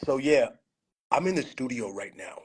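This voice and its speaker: A man's voice: mid-range voice, lively intonation, moderate pace, a little mellow, a little hiss or hum. A man hosting a casual livestream from his home studio, talking over a phone with a loose, profane storytelling manner, slurring at times from a bad connection. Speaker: livestream host.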